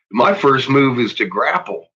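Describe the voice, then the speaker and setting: A man's voice: medium pitch, sharp tone, a little hiss or hum. A man ranting casually into his vlog, swearing heavily and laughing often. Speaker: vlogger. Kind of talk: casual profane rant. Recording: dull lo-fi recording.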